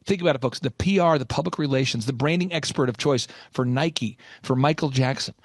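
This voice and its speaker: A man's voice: medium pitch, brisk, dry recording, clean studio sound. A middle-aged man hosting a business podcast, coaching in an emphatic storytelling way and repeating his key phrases, recorded in his office. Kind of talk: energetic coaching monologue. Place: office with installations going on.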